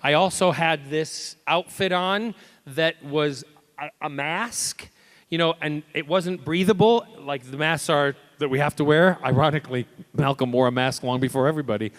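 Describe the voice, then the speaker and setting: Brief: male convention guest, animated storyteller, slightly high voice, acts out quotes. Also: normal speed. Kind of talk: lively anecdotal Q&A storytelling. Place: convention panel room.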